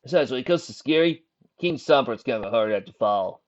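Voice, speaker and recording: A man's voice: medium pitch, animated, fast, natural voice. A man voicing a cocky, easygoing young male pony who films everything, in a storybook reading. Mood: casual. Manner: cocky and casual. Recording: dull lo-fi recording.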